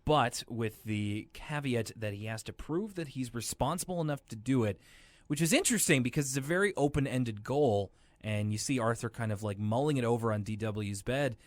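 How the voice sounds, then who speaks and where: A man co-hosting a podcast, recapping a cartoon in casual, animated chat with sarcastic asides. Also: mid-range voice, moderate pace, no echo. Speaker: podcast co-host.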